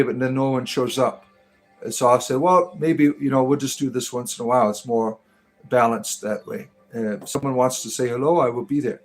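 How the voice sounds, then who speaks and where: A man chats through a casual livestream in a voice of average pitch, loose and rambling, with filler words everywhere. He teases his viewers as he talks to them. Faint music plays quietly in the background. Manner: rambling, teasing, many fillers. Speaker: livestream host.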